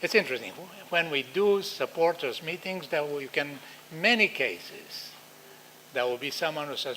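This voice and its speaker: A man with an Israeli accent giving a conference talk, animated and acting out quoted dialogue. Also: fairly high pitch, normal speed, slight background noise, rough recording. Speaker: lecturer.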